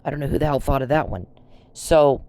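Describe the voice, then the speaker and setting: Speaking straight at someone, a woman vlogger with a bass voice delivers an angry, blunt, accusatory rant full of profanity. She talks briskly, and her tone is warm.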